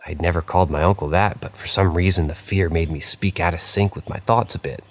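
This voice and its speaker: Reading horror stories in a very deep voice, this man sounds relaxed and conversational, occasionally tossing out an offhand remark. His tone stays steady and his pace runs a little fast.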